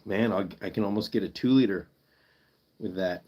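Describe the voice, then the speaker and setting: A man's voice: fairly low pitch, normal speed, dark tone, breathy edge. A man chatting casually with viewers on a pet rescue livestream, playful and joking, sounding out foreign words for the chat. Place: home.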